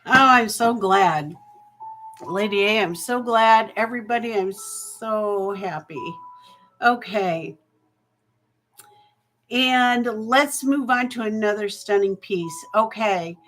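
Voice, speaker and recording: A woman's voice: medium pitch, fairly bright tone, faint music behind, poor audio. A woman hosting a live-streamed jewelry auction, chatting with viewers and thanking them as she calls the bids. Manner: slow, chatty, thankful, with fillers. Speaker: live jewelry sale host.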